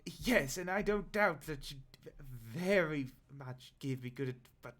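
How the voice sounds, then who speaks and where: A man's voice: fairly high pitch, expressive, measured pace, a bit bright, pitched above the performer's own voice. A man doing a stammering nervous goblin. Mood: flustered. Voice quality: stammering, hesitant. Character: timid male goblin contestant, nervous and stammering.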